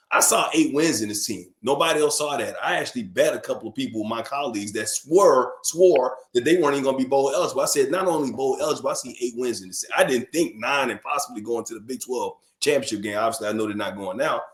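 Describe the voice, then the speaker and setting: Emphatic man in an echoey room. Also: medium pitch. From born in New York, raised in Alabama. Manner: animated, emphatic, repeats words when fired up. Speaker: guest sportscaster. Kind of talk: casual sports radio chat.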